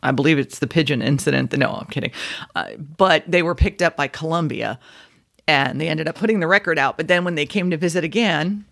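A woman's voice: low voice, a little fast, gravelly, fairly bright tone. Self-mocking woman podcaster telling stories. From South Florida. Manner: self-deprecating, laughs at her own stories. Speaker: podcast host, former radio personality. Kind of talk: casual storytelling monologue.

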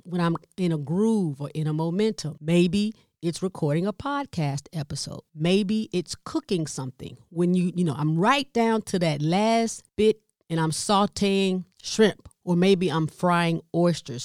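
Southern American woman in her 50s, low-pitched, animated storyteller, dry close sound. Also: no echo. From Southern United States. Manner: lively storytelling with asides and laughs, addresses listeners as y'all. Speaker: podcast host and caregiver. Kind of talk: candid caregiving talk.

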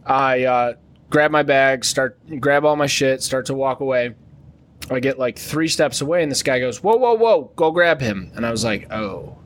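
A man's voice: medium pitch, steady tone, normal speed, fairly bright tone. A man co-hosting a podcast, telling a crude, rambling travel story with lots of fillers and jokes. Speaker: podcast co-host. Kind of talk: casual storytelling.

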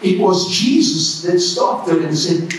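A man preaching a sermon, impassioned and often shouting. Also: high-pitched, measured pace, slight background noise. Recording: echoey church hall from far off.

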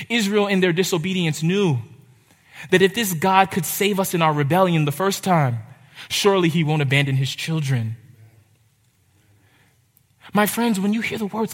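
A young man preaching a sermon, urgent and impassioned, with dramatic pauses. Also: high voice. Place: church hall. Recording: reverberant hall.

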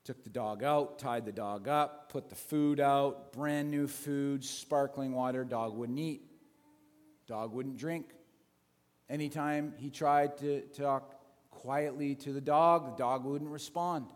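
A man's voice: mid-range voice, fairly even intonation, unhurried. A male pastor telling a story in a sermon, conversational, with restarts and asides. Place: church sanctuary. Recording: long hall reverb.

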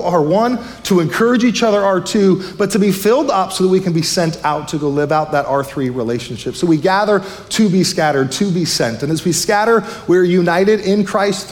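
A male pastor with a high voice preaches with energy and speed, his words tumbling out as he presses his points. His sermon rings out through a church hall, trailing a long reverb. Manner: fired up, fast-talking preacher. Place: church sanctuary.

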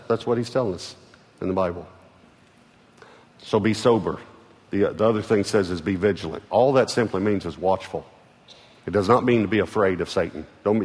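A man with a Texan accent preaching a sermon as pastor, earnest, repeating words, moving from loud calls to hushed lines. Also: low-pitched. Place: large church auditorium. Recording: large hall reverb with soft music.

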